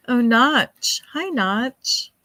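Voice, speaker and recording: A woman's voice: on the high side, fairly bright tone, dry recording. A woman co-hosting a live stream in casual chat, teasing and laughing often.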